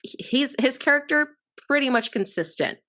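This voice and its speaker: A woman's voice: high-pitched, lively intonation, moderate pace, sharp tone. A woman co-hosting a podcast, chatting casually and often chiming in with agreement. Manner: chatty, frequent agreeing and laughing. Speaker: podcast co-host. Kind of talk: casual movie discussion.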